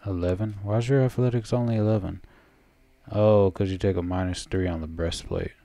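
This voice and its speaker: A man's voice: fairly low pitch, fairly even intonation, a little fast, warm tone, no echo. A man thinking aloud while playing a fantasy game, mumbling numbers and item names. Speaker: gameplay commentator. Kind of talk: casual let's-play commentary.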